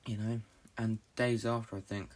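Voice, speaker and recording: A young man from Britain hosting a solo podcast, talking in a halting, low-key, confessional way and swearing often. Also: flat delivery, a little mellow. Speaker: podcast host. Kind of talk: rambling solo podcast monologue.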